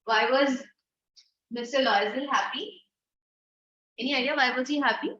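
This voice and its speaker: A woman teaches an online class, retelling a story and voicing its lines in character. Her voice sits high. It comes through a roomy, dull, lo-fi lecture recording. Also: moderate pace, fairly bright tone. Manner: explains the story and acts out the lines. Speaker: English teacher. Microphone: computer mic in an online class.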